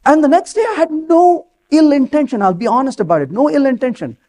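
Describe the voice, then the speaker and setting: Lively high-voiced man giving a tech talk. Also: brisk. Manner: animated storytelling, acts out quoted dialogue. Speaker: conference speaker. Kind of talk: live technical talk. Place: conference stage.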